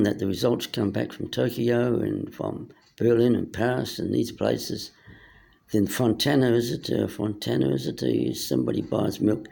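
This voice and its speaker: A man's voice: on the low side, vocal fry, warm tone, slightly rough. A man giving a meandering, hesitant monologue that keeps losing its thread. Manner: meandering, hesitant, loses his train of thought. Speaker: speaker. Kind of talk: rambling monologue.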